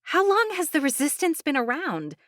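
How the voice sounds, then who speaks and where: An eager young woman fires off curious questions in a bright, raised voice, as a woman narrator puts her on. It is audiobook character work, recorded close with a dry sound. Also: moderate pace, no room sound, full character voice. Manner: high, excited questioning.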